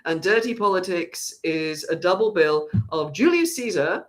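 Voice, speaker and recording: The artistic director of a theatre company makes an announcement in a casual, chatty way, rambling and restarting frequently. Her voice is lowish with lively intonation, and she speaks at a normal speed.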